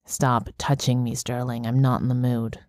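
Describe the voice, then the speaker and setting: Woman doing a slow growly bear shifter guy, super deep, dark and dry. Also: little pitch movement, dry recording. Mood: furious. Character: angry young male bear shifter, possessive.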